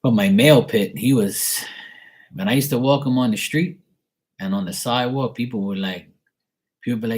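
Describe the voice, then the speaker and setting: A man's voice: on the low side, steady tone, normal speed, darkish tone. A man, a tarot reader, chatting casually and candidly with his live-stream viewers in a rambling, laid-back way.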